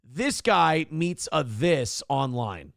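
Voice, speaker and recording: A man's voice: on the high side, very animated, takes it slowly, creaky, no room sound, clean studio sound. A man hosting a live-streamed morning talk show, rambling and mocking in casual commentary and reading out donors' messages. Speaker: livestream show host.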